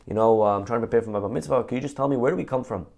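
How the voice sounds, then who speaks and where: A man's voice: mid-range voice, racing, vocal fry, a little mellow. A man voicing a young boy in a told joke, asking eager questions in his own everyday voice. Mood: curious. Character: young boy preparing for his bar mitzvah.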